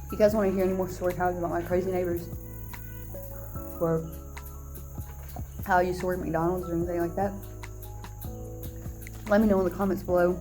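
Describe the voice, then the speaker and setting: A woman's voice: on the low side, little pitch movement, fairly quick, long pauses, music in the background. Indignant young woman telling a storytime. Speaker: vlogger. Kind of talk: storytime vlog.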